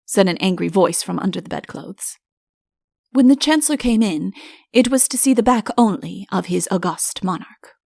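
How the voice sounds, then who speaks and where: Gravelly woman narrating a comic fairy tale. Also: mid-range voice, a little mellow, no echo, clean studio sound. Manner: wry, storytelling, deliberate. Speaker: audiobook narrator. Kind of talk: scripted audiobook narration.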